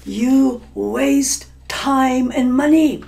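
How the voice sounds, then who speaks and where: A woman storyteller voicing a stern, angry father who is a count, scolding his son slowly and with emphasis. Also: very high voice, creaky, darkish tone, voice pushed up, exaggerated voice.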